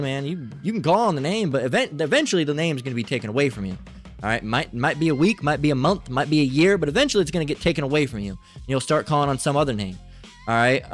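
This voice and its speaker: A man giving an informal Bible teaching, rambling and swearing freely, often mocking people as he goes. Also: medium pitch. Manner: rambling, profane and mocking, with frequent filler.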